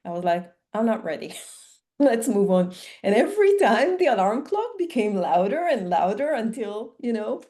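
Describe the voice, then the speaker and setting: A woman's voice: medium pitch, warm tone. A woman co-hosting a spiritual discussion podcast, speaking in a reflective, encouraging way. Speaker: podcast co-host.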